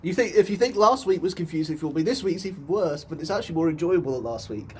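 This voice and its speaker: A man's voice: a little high, lively intonation, quick pace, darkish tone, slightly rough. A man co-hosting a casual reaction chat outdoors, with a dry, teasing manner. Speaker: co-host guest. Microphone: holding the mic.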